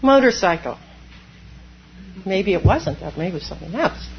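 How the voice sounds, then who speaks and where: A woman Zen priest giving a dharma talk, animated, laughing often and acting out inner voices. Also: mid-range voice, moderate pace, muffled recording, slight background noise.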